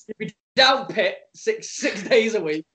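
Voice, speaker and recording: An Englishman co-hosts a relaxed podcast chat over a Skype call, with a voice that sits a little high for a man. He ribs his co-host, cracks jokes and laughs easily. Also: a little slow. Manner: joking, teasing, laughs often. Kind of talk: casual chat.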